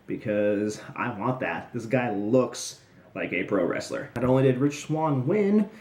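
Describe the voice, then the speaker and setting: Casting note: young male recap host, mid-pitched, sarcastic and rambling, recorded in a roomy space. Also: darkish tone. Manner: snarky, rambling, jokey asides. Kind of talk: casual solo recap commentary. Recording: roomy echoey room.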